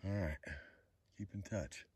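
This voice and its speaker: A middle-aged man vlogging outdoors on a forested slope, talking into a handheld camera in a rambling, halting way full of fillers. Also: sits low, a little mellow, slightly rough. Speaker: outdoor vlogger hunting moose antler sheds. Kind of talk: casual hiking vlog to camera.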